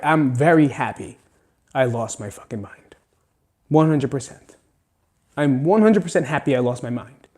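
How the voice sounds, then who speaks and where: A man with a mid-range, somewhat dark-toned voice delivers an emotional monologue on his solo podcast. He speaks with earnest emphasis, uses a lot of profanity, and is close to tears.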